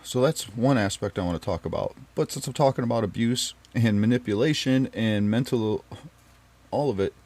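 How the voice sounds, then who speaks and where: Man telling a personal story to camera, emphatic and pleading, mid-pitched voice. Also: moderate pace, a little mellow.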